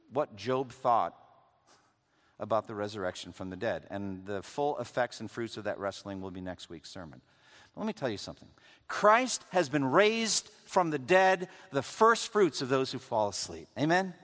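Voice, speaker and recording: A man's voice: medium pitch, fairly bright tone. A man preaching a sermon as pastor, reading scripture aloud with conversational, wry asides to the congregation. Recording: long reverb of a large hall.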